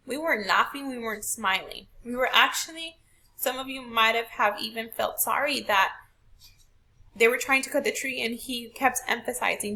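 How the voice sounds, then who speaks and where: A woman's voice: a little high, normal speed, sharp tone. A woman teacher walking a class through a poetry question, patient and step by step, asking rhetorical questions. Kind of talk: recorded classroom lesson.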